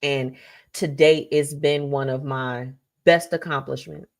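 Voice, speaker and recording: A chatty woman host with a somewhat low voice, talking in a loose, effusive way on her live talk show. She is heartfelt and warm toward her listeners, running on from one thought to the next. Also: steady tone, unhurried, gravelly. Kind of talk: casual livestream talk show sign-off.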